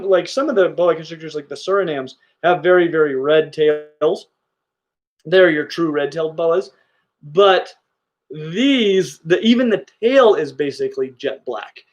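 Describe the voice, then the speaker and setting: A middle-aged man who runs a reptile channel hosts a casual livestream, gushing enthusiastically about his animals. His voice is a little high, and the audio is dull.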